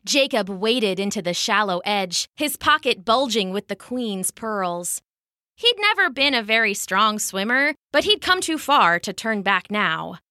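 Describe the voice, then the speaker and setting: Lively, bright-voiced woman storyteller. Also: mid-range voice, measured pace, dry recording, clean studio sound. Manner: animated, expressive storytelling. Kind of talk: scripted narration of a children's story.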